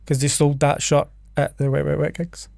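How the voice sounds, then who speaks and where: Laid-back Scottish male co-host, gravelly fry, slightly higher voice, fact-sharing chat. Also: monotone, moderate pace, a little mellow, no echo, studio quality. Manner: laid-back, shares researched facts. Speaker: podcast co-host. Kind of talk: casual chat.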